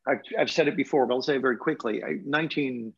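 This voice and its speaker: A fast-talking man in his sixties, his medium-pitched voice a bit bright and husky, recounts personal stories in an interview, thoughtful, emotional and quick to laugh. He grew up in England but has a Canadian accent, and the audio sounds dull.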